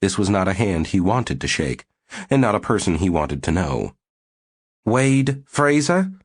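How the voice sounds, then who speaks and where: A man reading a science fiction novel aloud as an audiobook narrator, steady and even. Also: low-pitched, moderate pace, slightly rough. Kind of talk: scripted narration.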